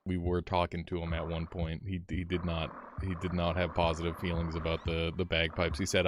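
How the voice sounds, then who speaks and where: A young man streaming a game, telling a story in a casual, animated way, swearing freely, laughing often and jumping higher when excited. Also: fairly quick, hardly any pauses, noisy background. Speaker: gaming streamer. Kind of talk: casual live-stream chat.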